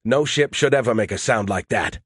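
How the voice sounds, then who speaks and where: A man giving scripted first-person audiobook narration, steady and tense. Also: on the low side, brisk, slightly rough, dry recording, clean studio sound.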